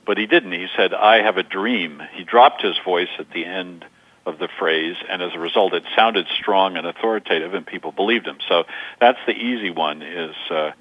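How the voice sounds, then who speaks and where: A man in his sixties, a communication coach, giving measured interview answers through stories and examples. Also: low-pitched. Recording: dull lo-fi sound.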